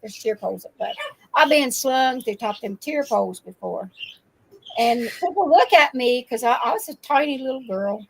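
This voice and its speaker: An older woman, a grandmother, telling lively farm stories in casual chat and laughing often. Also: fairly high pitch, moderate pace, vocal fry, slightly rough, low-quality recording. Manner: animated storyteller, laughs often. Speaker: guest.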